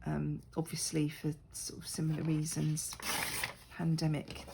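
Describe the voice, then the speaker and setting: A woman's voice: deep voice, monotone, measured pace, gravelly, noisy background. A middle-aged woman chatting casually and rambling a little while she works on a craft project, poking fun at herself. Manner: chatty, rambling, self-deprecating. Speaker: crafting vlogger.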